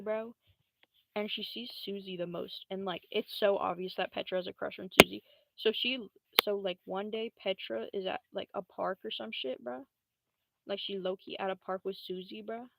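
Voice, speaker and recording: A woman's voice: medium pitch, creaky, no room sound, poor audio. A young woman livestreamer rambling through a story in a casual, slangy, profane way, with lots of fillers. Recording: loud steady hiss.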